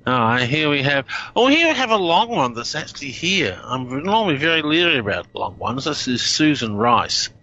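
A man's voice: on the high side, very animated, normal speed, few pauses, pushed and bright, highs cut off, slight background noise. A man with an Australian accent hosting a casual chat, thinking aloud and often restarting his sentences. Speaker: host.

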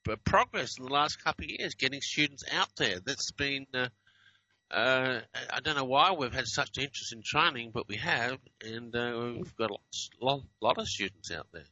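A man with a soft Australian accent tinged with American, chatting casually as a host in a dry, sarcastic way. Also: medium pitch, moderate pace, no echo, dull audio. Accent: soft Australian with slight American. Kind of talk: casual podcast chat.

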